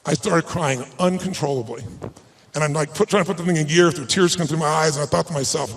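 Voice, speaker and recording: A man's voice: fairly high pitch, fast, gravelly. A man giving a motivational speech at an event, telling an emotional personal story with emphatic delivery. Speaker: motivational speaker. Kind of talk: speech to a live audience. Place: event stage.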